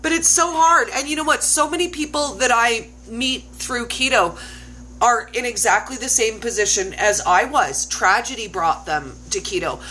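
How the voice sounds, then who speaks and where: Woman host, warm-hearted chat, effusive and emphatic, bright tone, slightly high voice. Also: moderate pace, a little hiss or hum, poor audio. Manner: effusive, emphatic, repeats phrases. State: close to tears.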